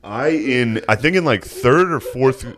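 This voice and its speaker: A man's voice: mid-range voice, lively intonation, measured pace, crowd noise. A man co-hosting a podcast, laid-back and joking, with casual swearing. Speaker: podcast co-host. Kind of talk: casual chat.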